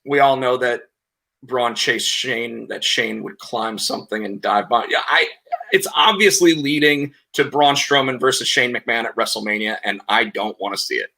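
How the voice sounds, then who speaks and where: A man co-hosting a casual podcast, retelling events in a rambling, animated way with lots of restarts. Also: mid-range voice, moderate pace, gravelly. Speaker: podcast co-host. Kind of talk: casual chat, recapping wrestling.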